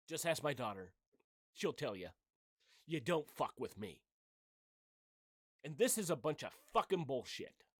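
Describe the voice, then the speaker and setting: A middle-aged man delivers a heated opinion rant for his channel, swearing freely and talking bluntly. His voice sits on the higher side and he takes his time with the words. The sound is dry and close. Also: no room sound. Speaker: channel host.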